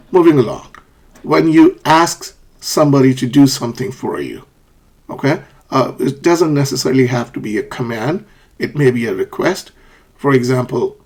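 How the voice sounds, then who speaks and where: Husky man teaching English intonation. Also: a little mellow. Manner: models example sentences with exaggerated rising and falling pitch; checks in with frequent "okay?". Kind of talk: online pronunciation lesson.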